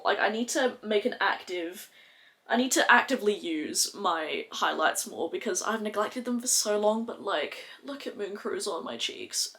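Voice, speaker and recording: A woman beauty vlogger talks through her makeup in a loose, chatty way, gushing over favourites and peppering her sentences with "like". Her voice sits at a mid pitch for a woman. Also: a bit bright. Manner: gushing, chatty, heavy use of "like". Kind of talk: casual makeup review chat.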